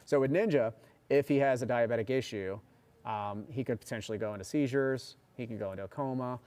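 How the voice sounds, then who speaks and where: A man's voice: mid-range voice, a little fast, a little mellow. A man in his forties, a meteorologist hosting a livestream, chatting casually, telling a long story and answering viewer comments. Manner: chatty and rambling, reads viewer comments aloud. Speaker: meteorologist and show host.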